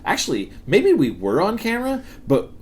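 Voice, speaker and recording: A man in his thirties co-hosts a podcast, swapping work stories in a casual chat. His voice is high and his pace moderate, and he tells the stories in an animated way, swearing and laughing as he goes.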